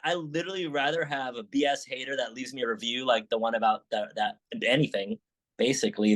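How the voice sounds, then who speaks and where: A middle-aged man, a restaurant founder, chatting as an interview guest, telling stories with lots of restarts and acted-out quotes. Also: lowish voice. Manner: animated storytelling with many restarts and acted quotes. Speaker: sandwich shop founder, guest. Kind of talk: casual interview chat.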